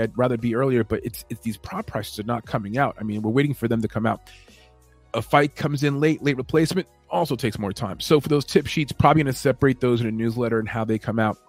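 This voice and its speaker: A man's voice: medium pitch, no room sound. A man hosting a late-night podcast, talking casually and rambling, with many fillers and self-corrections. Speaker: podcast host. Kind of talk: casual show announcements.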